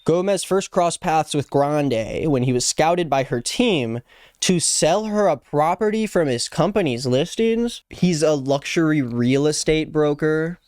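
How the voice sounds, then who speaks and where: A man's voice: a little high, lively intonation, a little slow, darkish tone, smooth, dry recording, studio quality. A man in his twenties giving playful, jokey casual commentary as a YouTube host. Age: 20s. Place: Los Angeles.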